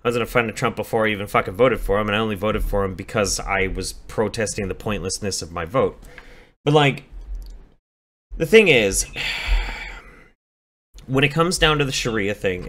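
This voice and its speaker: A man's voice: fairly low pitch, normal speed. A man on a call, talking bluntly and profanely in a casual debate, telling stories with energy. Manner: blunt, profane, animated storytelling.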